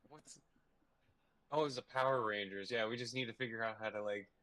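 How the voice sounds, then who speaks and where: A man's voice: on the low side, a little fast, pushed and bright. A man playing a tabletop game who reads out his abilities in a matter-of-fact way. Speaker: player. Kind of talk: casual tabletop game talk.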